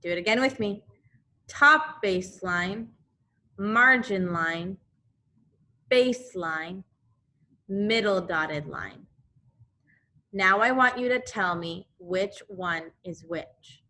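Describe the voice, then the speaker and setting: A woman teaching a second grade class remotely, slowly repeating drills for the children. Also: mid-range voice, sharp tone.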